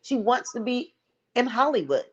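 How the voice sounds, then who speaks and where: A woman's voice: fairly high pitch, big pitch swings, normal speed, breathy edge, dull audio. A woman hosting a casual gossip commentary vlog, blunt, sassy and profane. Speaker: vlog host.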